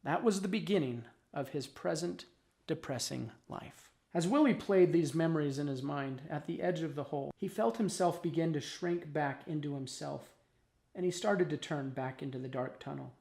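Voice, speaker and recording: A man narrating a children's storybook expressively, with dramatic pauses. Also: on the high side, vocal fry, a little mellow.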